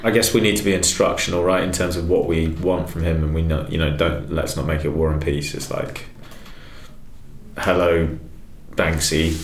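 A man, the show's producer, talks through plans in a quick, joking way at a casual team meeting. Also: extremely low pitch, level tone, gravelly, slight background noise. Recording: echoey room.

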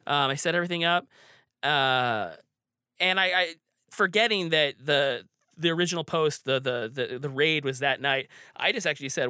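Man, casual storyteller, bright forceful tone, slightly high, dry sound. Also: moderate pace, clean tone, no echo. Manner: rambling, frequent restarts and fillers. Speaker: storyteller guest.

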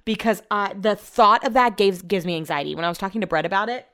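A young woman hosts a casual solo podcast from an upstairs room at home, rambling and chatty with plenty of fillers and restarts. She talks fast at a medium pitch, with a fairly bright tone.

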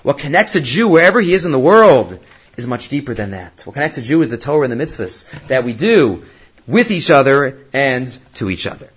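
A man teaching a Torah class in a lively lecturing manner, acting out quoted voices and weaving in Hebrew terms. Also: mid-range voice, brisk, slightly rough. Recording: dull lo-fi recording.

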